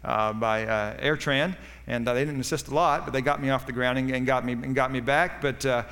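A man's voice: mid-range voice, steady tone, fairly quick, a bit bright, big-room sound. A man preaching a sermon as pastor, with a folksy, joking delivery that rises for punchlines.

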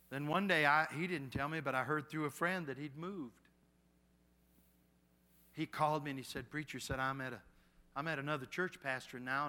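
Folksy preacher man, bright voice. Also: mid-range voice. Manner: folksy storytelling, rising to shouted exhortation then dropping soft. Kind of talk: storytelling sermon.

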